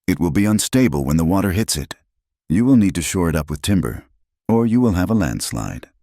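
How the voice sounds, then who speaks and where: Man doing a practical young frontier woman, precise and matter-of-fact, deep-ish voice, dry sound, storybook. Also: sing-song, fairly quick, dark tone, no echo, full character voice. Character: practical young female cook and clerk.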